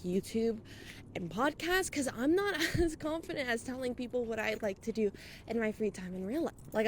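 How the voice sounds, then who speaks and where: A young woman, a vlogger and podcaster, walks outdoors at night and delivers a rambling personal monologue, casual and full of swearing, a bit out of breath from walking. Her voice is a little high, with slight background noise.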